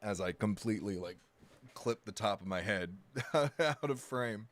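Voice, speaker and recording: Talking casually on a live game stream, a man with a lowish, animated voice keeps a measured pace over a slight hiss or hum. His chatter rambles with constant restarts and self-corrections, full of jokes, exaggeration, and jabs at himself.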